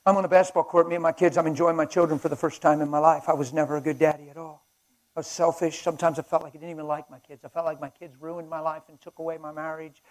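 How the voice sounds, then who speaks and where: A man preaching at a conference, telling a personal story with passion and swinging between loud and hushed delivery. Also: a little high, poor audio. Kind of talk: sermon with storytelling. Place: conference hall.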